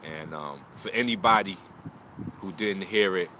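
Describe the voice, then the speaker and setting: A martial arts teacher streams live, speaking in a deep, slightly slow voice about loss and motivation in short, preachy lines. It's an emotional talk recorded outdoors on a phone, with background noise.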